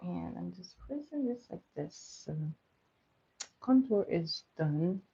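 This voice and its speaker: A woman's voice: lowish voice, lively intonation, slow pace, vocal fry, warm tone, slight background noise. A young woman doing a casual livestream makeup tutorial, chatty, laughing often and asking her viewers questions. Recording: dull lo-fi audio.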